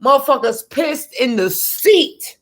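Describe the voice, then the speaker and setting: A woman's voice: high voice, expressive, takes it slowly. A woman giving a heated, profane rant on politics, repeating words for emphasis. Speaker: political commentator. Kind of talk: ranting political commentary.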